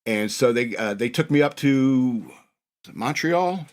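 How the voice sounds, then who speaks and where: A man's voice: medium pitch, animated, a little slow. Rambling man reminiscing on a podcast. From northern New York. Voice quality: rambling, laughing at himself. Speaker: podcast host. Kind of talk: casual reminiscing chat.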